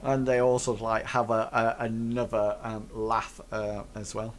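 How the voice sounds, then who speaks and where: A man narrating as game master of a tabletop game, pausing often with fillers. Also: on the low side, level tone, slight background noise. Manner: hesitant, many fillers and restarts. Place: home setup, live stream.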